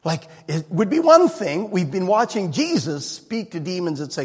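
A man preaching a sermon as a pastor, animated and humorous, often laughing. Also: sits high, moderate pace, slightly rough. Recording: long reverb in a hall.

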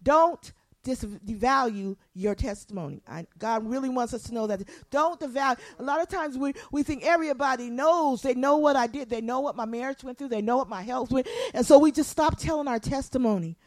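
A woman preaching a sermon in church, swinging from soft, low asides to impassioned near shouting. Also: brisk, dry recording.

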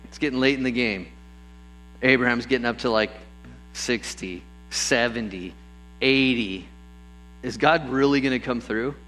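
A man preaching a sermon, telling stories with lively bursts and acting out the people in them. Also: mid-range voice, measured pace, long pauses, a little hiss or hum, poor audio. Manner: lively storytelling, acts out voices with bursts of excitement. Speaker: pastor.

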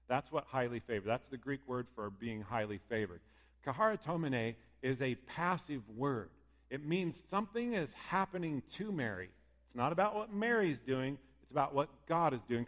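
Lively male preacher in a reverberant hall. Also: mid-range voice, normal speed. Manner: lively, conversational, acts out quoted voices. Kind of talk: sermon.

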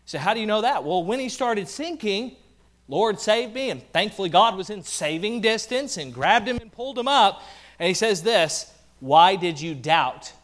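A pastor delivers a sermon with animated energy, slipping in playful asides. His voice sits high for a man. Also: normal speed.

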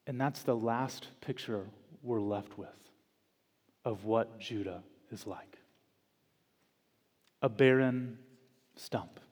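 A man preaching a sermon as pastor in a church, slow and deliberate, with dramatic pauses and emphatic repetition. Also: mid-range voice, darkish tone, husky. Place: church sanctuary. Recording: long church reverb.

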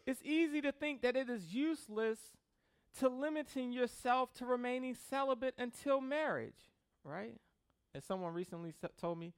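A man's voice: very high voice, moderate pace, smooth. A man preaching a sermon as pastor, joking with the congregation and mimicking people in a loose, conversational way.

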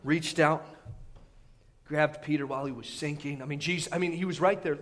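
A man preaching a sermon, retelling a story in animated fashion, full of fillers and repeats, swinging between shouts and hushed asides. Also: a little high, normal speed. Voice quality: filler-heavy, repetitive.

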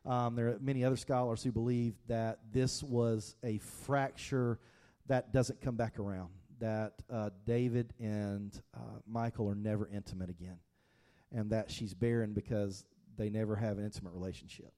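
A man's voice: medium pitch, normal speed, mellow. A male pastor giving a casual, conversational sermon, speaking straight to his congregation. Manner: conversational, with frequent fillers and restarts, addresses congregation directly.

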